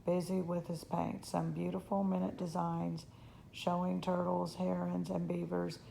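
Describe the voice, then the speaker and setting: A woman reading a children's novel aloud in steady storytelling, now and then slipping on a word. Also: fairly low pitch, measured pace, gravelly, a little hiss or hum, poor audio. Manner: steady storytelling, slips on words. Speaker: reader.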